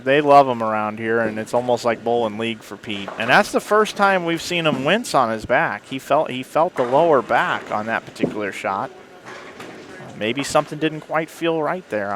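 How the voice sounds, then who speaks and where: A man's voice: medium pitch, fairly bright tone, a little hiss or hum. A man giving live play-by-play bowling commentary, chatty, correcting himself and making friendly asides to viewers. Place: bowling center.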